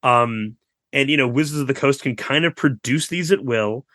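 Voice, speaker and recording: Bright-voiced man telling a story. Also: medium pitch, no room sound, studio quality. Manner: storytelling, animated, quick asides and fillers. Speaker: guest author. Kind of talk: casual podcast interview.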